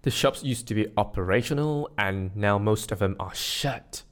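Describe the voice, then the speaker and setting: A man's voice: on the low side, moderate pace. A man from Malaysia hosting a scripted solo podcast, joking at his own expense and drilling pronunciation. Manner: playful, self-mocking, with pronunciation drills. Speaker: podcast host.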